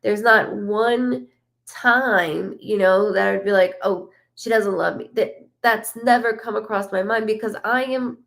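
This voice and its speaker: A woman giving a live psychic reading, speaking softly with halting restarts and relaying a spirit's words in the first person. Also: medium pitch, gravelly. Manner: soft, halting, full of restarts. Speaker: psychic medium.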